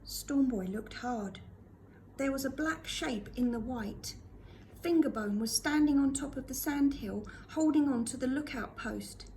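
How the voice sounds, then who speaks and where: A woman reading a storybook aloud to a school class with expressive delivery. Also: high voice, unhurried, a little hiss or hum.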